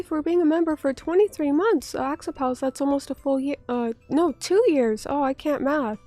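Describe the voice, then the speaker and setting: A woman VTuber streamer, still sick and recovering from an illness, chats casually with viewers in a high, warm voice at a moderate pace with few pauses. She reads their comments aloud, jokes at her own expense, and swears now and then, with soft music in the background.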